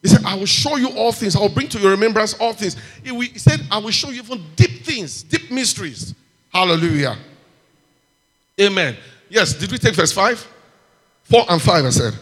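In a large church hall where a long reverb trails every phrase, a man preaches a sermon in a high, ringing voice. He reads scripture aloud at a normal speed, then swings up expressively and loudly to call out amens and hallelujahs.

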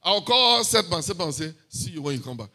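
A man with a Nigerian accent giving a sermon testimony in church, lively and sprinkled with hallelujahs and pidgin asides. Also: high-pitched, fast. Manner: lively, punctuated by frequent hallelujahs and amens. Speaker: preacher sharing a testimony.

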